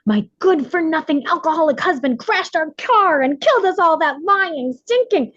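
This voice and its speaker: A shrill, furious middle-aged wife who shouts, her voice climbing very high, as a woman reading aloud puts her on. It comes through a slightly dull recording. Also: expressive, normal speed, dry recording.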